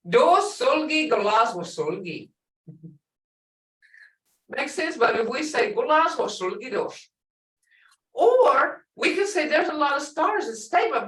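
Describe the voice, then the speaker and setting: A middle-aged woman teaching a language class, drawing out words slowly and carefully as she explains. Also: sits high, distant mic. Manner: lively, drawn-out teaching with slow spelled-out phrases. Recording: echoey room, voice a bit off-mic.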